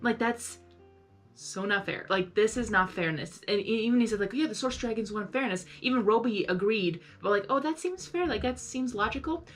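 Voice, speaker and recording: A woman's voice: on the high side, animated, moderate pace, faint music behind. A young woman giving casual live reaction commentary, chatty, saying "like" a lot and talking back to the characters. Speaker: reaction video host.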